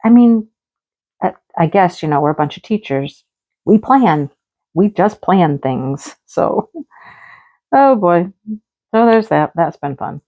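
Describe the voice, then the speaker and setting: A woman's voice: on the low side, expressive, takes it slowly, long pauses. A middle-aged woman, a teacher, chatting casually in her craft vlog, telling a story with a lot of laughter and acting out the dialogue. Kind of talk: casual chat while crafting. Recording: slightly dull lo-fi audio.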